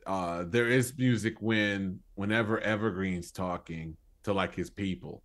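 A man's voice: deep voice, unhurried, fairly bright tone. A man co-hosting a film review podcast, talking casually and earnestly in long running sentences. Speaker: podcast co-host.

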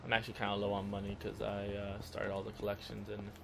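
A man's voice: on the low side, monotone, fast, vocal fry, noisy background. A man casually commenting while he plays a video game, laid-back and thinking aloud. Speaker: streamer playing a game. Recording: music from the game behind.

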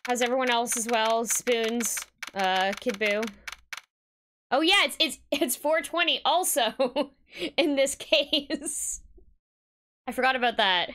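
A woman's voice: a little high, slow pace, fairly bright tone, a little hiss or hum. A woman streaming a game, chatting casually and giggling as she greets viewers. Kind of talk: casual live-stream chat. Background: music.

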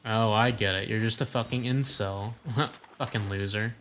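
A man's voice: fairly low pitch, steady tone, moderate pace, fairly bright tone, slight background noise. A young man giving casual let's-play commentary, reacting with crude, sarcastic jokes. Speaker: gaming voice-over streamer.

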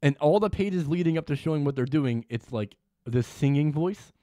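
A man's voice: on the high side, expressive, moderate pace, warm tone, no echo. A man hosting a casual podcast chat, who swears freely, laughs often and retells scenes with energy. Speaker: podcast host.

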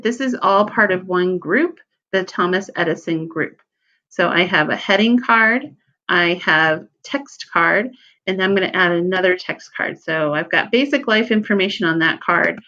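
A woman giving a relaxed screen-recorded software tutorial, thinking aloud with fillers and small self-corrections. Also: medium pitch, dull audio.

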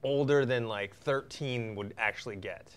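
A man's voice: medium pitch, normal speed, smooth. A man chatting casually in a film review, rambling with many fillers and restarts.

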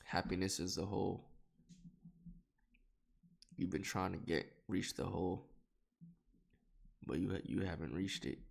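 A young man streaming reaction commentary, profane and excitable, talking straight to his chat. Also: low-pitched, a little slow, vocal fry, long pauses.

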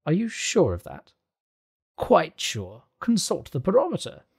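A man doing an excitable older professor, raised and emphatic. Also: on the high side, a little slow, creaky, husky, pitched above the performer's own voice, full character voice. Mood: insistent. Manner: emphatic, lecturing.

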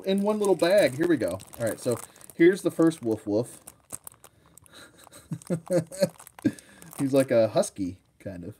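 A young man excitedly unboxing toys on a live stream, laughing often and rambling with fillers. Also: medium pitch, unhurried, long pauses, husky. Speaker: toy collector streaming live. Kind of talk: casual live unboxing chat.

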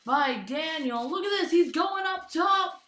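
Young girl calling a toy wrestling match, slow-ish delivery, keeps yelling oh my gosh, roomy echo. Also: very high-pitched. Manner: frequent excited exclamations and shouts. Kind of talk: excited play-by-play commentary of a toy match. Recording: echoey room.

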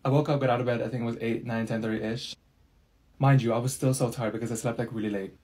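A man voicing a sleepy teenage schoolgirl who rambles on in a low, mumbling drone in a comedy sketch. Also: fairly even intonation, fast talker, a little mellow, slightly rough, close to an everyday voice. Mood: droning.

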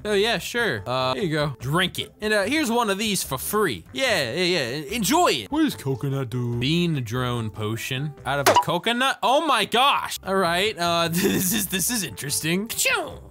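A man giving goofy, excitable let's-play commentary, yelling and joking at other players. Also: high-pitched, measured pace, hardly any pauses. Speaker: gaming YouTuber.

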